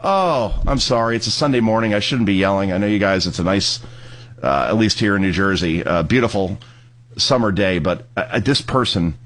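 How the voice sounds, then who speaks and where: A middle-aged man hosting a commentary show, sarcastic and mocking, who bursts into yelling. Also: fairly low pitch, brisk. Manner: animated, mocking, yells in bursts. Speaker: host. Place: studio in New Jersey.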